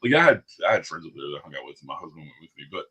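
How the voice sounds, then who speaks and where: A man's voice: a bass voice, sing-song, very fast, sharp tone, slightly rough. A man hosting a podcast in casual chat, talking bluntly and profanely in a ranting way. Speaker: podcast host.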